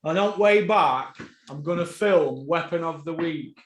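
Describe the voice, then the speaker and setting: A man hosting a boxing podcast, ranting, swearing and bursting into shouts. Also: on the high side, a little slow, echoey room.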